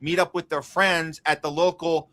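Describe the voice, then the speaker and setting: A man's voice: fairly high pitch, level tone, pushed and bright, no echo. A man hosting a political podcast, chatting casually and firing off rhetorical questions. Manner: rhetorical questions, quick asides. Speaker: podcast host.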